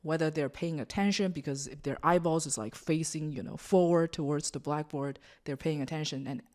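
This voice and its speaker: A woman's voice: sits low, a little fast, darkish tone. A woman hosting a podcast, explaining things at length in a chatty way with lots of filler words. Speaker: podcast host. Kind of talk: casual podcast chat.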